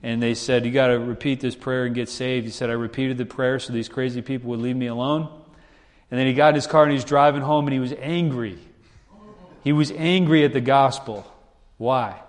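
A man preaching a sermon in a conversational style, his pitch rising whenever he acts out quoted voices. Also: steady tone, brisk, big-room sound. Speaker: pastor.

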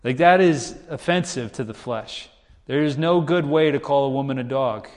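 A man preaching a sermon in a conversational style, his pitch rising whenever he acts out quoted voices. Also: moderate pace, long reverb tail. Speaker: pastor.

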